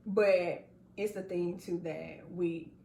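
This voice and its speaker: A woman's voice: lowish voice, slow, creaky, a little hiss or hum. A woman host, chatting casually and animatedly, often laughing and acting out what others say. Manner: animated, laughing, acts out quotes. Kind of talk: casual chat. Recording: echoey room, far from mic.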